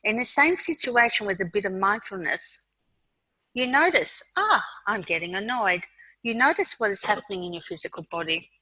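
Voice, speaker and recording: A woman with an Australian accent giving a webinar talk on mindfulness, guiding listeners through an exercise in a calm, slow way with soft pauses. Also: medium pitch, no echo, poor audio. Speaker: mindfulness speaker.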